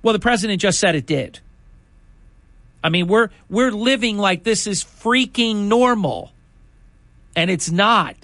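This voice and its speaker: A man's voice: high-pitched, animated, a little slow, long pauses, sharp tone, dry recording. An older man hosting a political talk show, chatting in a rambling way that turns indignant. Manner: indignant, conversational, rambling asides. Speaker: radio talk host.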